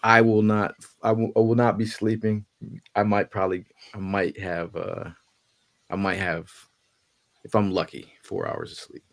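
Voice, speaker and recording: A man's voice: lowish voice, level tone, a little slow, gravelly. A man hosting a casual live sports podcast, upbeat and building hype, often repeating his words. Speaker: podcast host.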